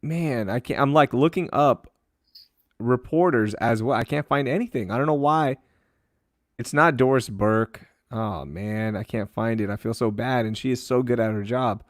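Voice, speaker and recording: Animated ranting man, dry close mic. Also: mid-range voice, moderate pace, no room sound. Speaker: podcast co-host. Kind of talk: casual chat.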